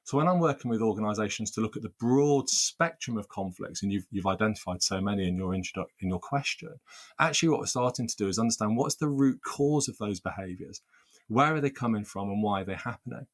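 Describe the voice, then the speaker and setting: A man's voice: fairly low pitch, animated, fast. A man working as a workplace mediator, answering interview questions earnestly, often repeating words as he restarts and building lists of phrases.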